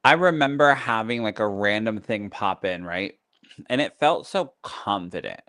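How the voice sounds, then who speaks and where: A man with a fairly low voice talks in a loose, chatty podcast style, leaning on filler words as he explains things like a teacher. The recording is dry and close, with little room sound. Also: lively intonation, normal speed, a bit bright, no room sound. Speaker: psychic medium and spiritual teacher. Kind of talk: casual podcast chat.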